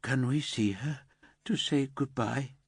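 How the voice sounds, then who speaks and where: A man's voice: mid-range voice, unhurried, breathy edge, no echo, clean studio sound, pitched above the performer's own voice. A man voicing a distraught grieving mother. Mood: anguished pleading. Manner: tearful, pleading. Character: grieving mother, middle-aged woman, distraught.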